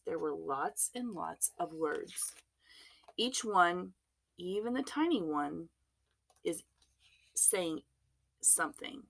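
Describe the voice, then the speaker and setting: A woman reading a children's storybook aloud in an expressive, unhurried way. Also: lowish voice, creaky, breathy edge.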